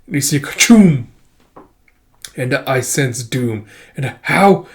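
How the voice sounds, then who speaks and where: A man's voice: mid-range voice, takes it slowly. A man casually retelling a comic book volume, introducing each line with "it's like". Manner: casual, uses "it's like" to introduce lines, animated. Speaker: comic recap host.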